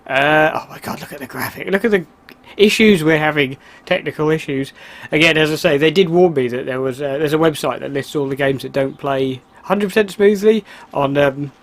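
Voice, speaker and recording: A man playing through a video game and chatting about it as he goes, excitable and quick to laugh. His voice sits a little high. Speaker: let's play gamer. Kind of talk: casual gameplay commentary.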